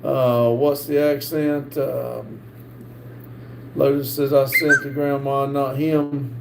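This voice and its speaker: A middle-aged man with a North Carolina accent hosts a live stream and reads viewer comments aloud, halting often with "uh". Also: mid-range voice, little pitch movement, vocal fry. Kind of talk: casual live-stream chat. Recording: echoey room with faint background hiss.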